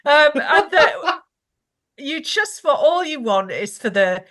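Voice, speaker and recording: A woman's voice: high voice, sing-song, a little slow, fairly bright tone. A woman, an author guest in a casual podcast interview, self-deprecating, laughing often and restarting her sentences.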